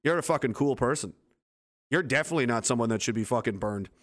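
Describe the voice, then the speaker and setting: A man's voice: mid-range voice, lively intonation, fast talker. A man hosting a casual livestream, reading viewer comments and answering them with sarcastic, profane, rambling asides. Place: at home base on a hot day.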